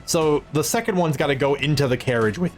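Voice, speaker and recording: A man narrating as game master of a tabletop game, relaxed, with frequent stammered restarts. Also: on the high side, a little fast, soft background music. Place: home streaming setup.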